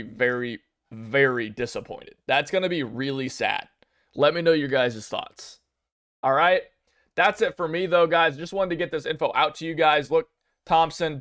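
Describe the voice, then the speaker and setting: A young man giving casual commentary on game news, rambling and excitable, with many fillers and restarts. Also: fairly high pitch, moderate pace. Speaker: gaming video creator.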